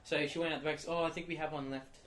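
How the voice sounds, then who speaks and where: A man's voice: on the high side, racing. Young man, echoey casual podcast. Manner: animated storytelling, acts out shop clerks in quotes. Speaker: podcast co-host. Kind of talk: casual chat. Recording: echoey room with faint noise.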